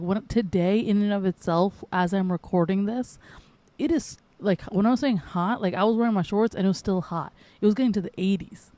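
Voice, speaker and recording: A woman's voice: medium pitch, mellow, no echo. A young adult woman from the northeastern United States hosting a casual solo podcast, rambling, correcting herself and laughing often. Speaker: podcast host.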